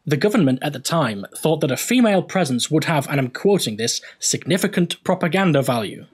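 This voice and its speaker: A man's voice: on the high side, lively intonation, a little fast, husky. A young man hosting a gaming video, explaining history casually with jokey, rambling asides.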